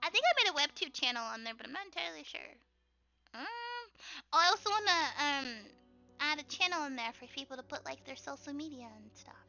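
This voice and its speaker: Squeaky, bright-voiced young woman streamer. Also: animated, a little fast, creaky. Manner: bubbly, chatty, laughs often. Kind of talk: casual chat while drawing on stream. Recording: dull lo-fi stream audio with faint music.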